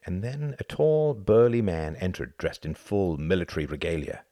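A man narrating a historical novel audiobook in a measured storytelling manner. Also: sits low, lively intonation, dark tone, dry recording, clean studio sound.

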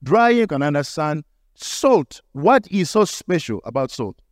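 A male pastor delivers a sermon with a fairly high voice. He teaches through stories and now and then acts out the people in them. The sound is dry and close, with hardly any room. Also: big pitch swings, unhurried, dry recording. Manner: storytelling preacher, acts out the people in his stories.

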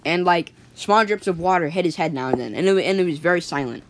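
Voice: mid-range voice, lively intonation, fast. Rambling casual storyteller. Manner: rambling, many fillers and restarts.

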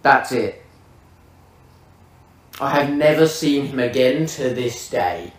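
A man's voice: mid-range voice, animated, slow pace. A man hosting a podcast who tells a vivid, swear-laden comic story in casual chat. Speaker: podcast host. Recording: roomy, distant mic.

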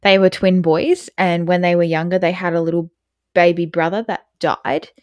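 A woman's voice: lowish voice, little pitch movement, normal speed, no echo. A young woman co-hosting a podcast in casual chat, blunt and laughing often. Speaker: podcast co-host.

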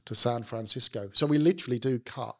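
A middle-aged man with a South London accent speaks as a guest in a relaxed interview. He talks chattily, with frequent fillers and false starts, and his pitch sits at an ordinary middle level. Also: a little fast. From London, England. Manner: chatty, many fillers and restarts. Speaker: company managing director, interview guest. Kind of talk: casual conversational interview.

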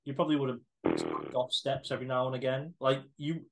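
A man co-hosting a podcast, talking in a relaxed way with fillers and some swearing. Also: medium pitch, a little fast, a little hiss or hum, low-quality recording. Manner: laid-back, swearing, hesitant fillers. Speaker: podcast co-host. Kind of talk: casual podcast chat.

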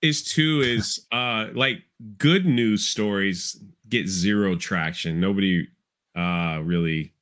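A guest on a live stream, this man talks in a halting way, full of likes and ums. His voice is low but bright and forceful in tone. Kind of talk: casual live-stream chat.

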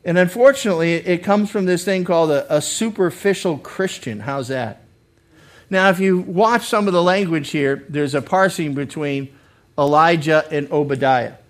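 A man's voice: on the high side, normal speed. A male pastor preaching a Bible study sermon in an earnest way, often repeating words as he restarts. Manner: acts out quoted speakers with sudden loud lines.

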